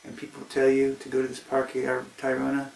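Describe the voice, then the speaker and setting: An American man tells a meandering comic story, stumbling over his words and getting exasperated. His voice is gravelly. The recording is distant and roomy, with faint ambient noise behind him. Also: mid-range voice, completely flat delivery, brisk, darkish tone. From United States. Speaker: travel storyteller. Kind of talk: comic rambling anecdote.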